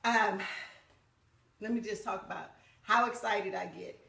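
A woman's voice: medium pitch, fairly even intonation, measured pace, creaky, recorded from a distance, very noisy. A bubbly, talkative woman co-hosting a casual live morning chat from her home. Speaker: co-host of a live morning church talk. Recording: echoey room.

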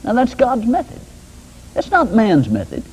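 An older man with a drawl preaches in a relaxed, homespun manner. His voice is slightly raspy and sits a bit high, with a lively, rising and falling delivery. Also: moderate pace, poor audio. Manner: folksy, conversational preaching with homespun examples. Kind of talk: sermon teaching.

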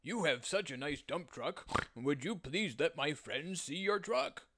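A man's voice: fairly high pitch, animated, a little slow, a bit bright, voice pushed up, heavily acted. Man doing a squealy, delighted little pig. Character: cheerful polite farm pig, small and excitable. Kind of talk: storybook read-aloud.

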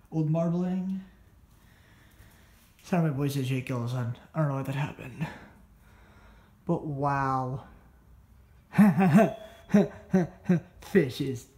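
A man's voice: medium pitch, very slow, long pauses, a little mellow, echoey room. A man narrating as he explores an abandoned house, a bit out of breath, rambling and often correcting himself, filmed on a phone. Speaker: urban explorer vlogger. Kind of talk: casual walkthrough narration. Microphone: phone held while filming.

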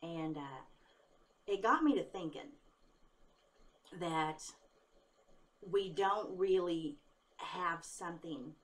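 A woman psychic talking casually to her viewers after a long workday. Her voice is tired and a little low. She rambles and speaks candidly, laughs easily, and swears when she gets angry. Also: a bit bright. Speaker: psychic vlogger. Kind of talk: casual talk to camera.

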